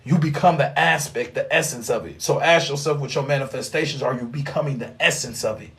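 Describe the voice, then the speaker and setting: A young man delivering a rambling, profane spiritual monologue, animated, with sudden loud outbursts. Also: mid-range voice, brisk. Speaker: spiritual vlogger.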